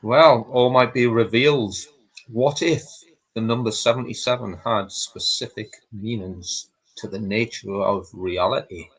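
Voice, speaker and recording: A male guest on a live web show speaks slowly and deliberately, teasing the host with mysterious hints. His voice is husky and a little breathy. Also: lowish voice, steady tone, low-quality recording. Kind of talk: casual live-stream chat.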